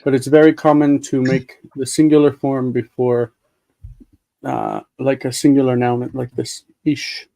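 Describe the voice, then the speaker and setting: A man hosting a live-streamed Hebrew study group, patiently explaining grammar and sounding words out slowly. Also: medium pitch, little pitch movement, gravelly, warm tone, low-quality recording. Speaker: host leading a live Hebrew reading group.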